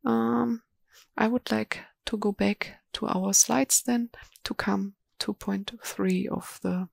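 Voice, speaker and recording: Female webinar presenter, halting and monotone, dry sound with mouse clicks. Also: medium pitch, vocal fry, no echo. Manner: slow, hesitant, many ums and restarts. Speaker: software presenter. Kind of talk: live software demo webinar.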